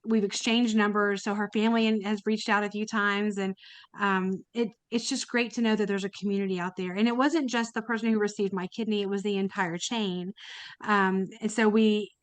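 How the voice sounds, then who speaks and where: In a steady, medium-pitched voice at a moderate pace, recorded dry, a woman shares her kidney donation story as a podcast guest. Her telling is chatty and emotional, with plenty of fillers and restarts.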